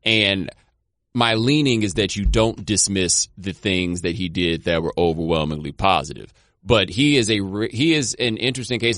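A man's voice: lowish voice, fairly bright tone, no echo. A man hosting a podcast book discussion, talking in a loose, thoughtful way. He works through his ideas aloud with small restarts. His voice sits close and dry, with no room around it. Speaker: podcast host. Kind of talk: conversational interview.

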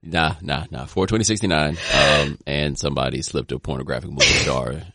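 A man's voice: rumbling low, fairly even intonation, a little fast, bright, forceful tone, dry recording, clean studio sound. A man guest on a sports podcast, chatting casually with wry, teasing, rambling jokes.

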